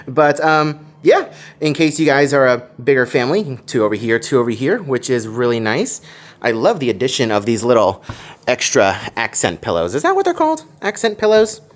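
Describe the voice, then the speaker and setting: A chatty man walks through a hotel room for his theme park vlog. He talks casually and gets excited easily, and his voice leaps up whenever something catches his eye. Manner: chatty, easily excited, jumps up in pitch when surprised.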